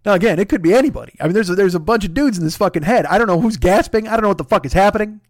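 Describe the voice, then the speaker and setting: A man telling a comic story casually, profane and animated, dropping low to retell a moment then rising in exasperation. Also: rapid-fire, dry recording, studio quality. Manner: profane, animated, swings between hushed retelling and loud exasperation. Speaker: comedian storyteller.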